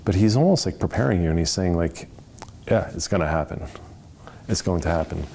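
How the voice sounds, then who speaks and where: A man's voice: low voice, expressive, fairly quick, vocal fry, a little mellow, slight background noise. A man leading a church Bible study in an earnest, conversational way, full of rambling asides. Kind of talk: casual teaching.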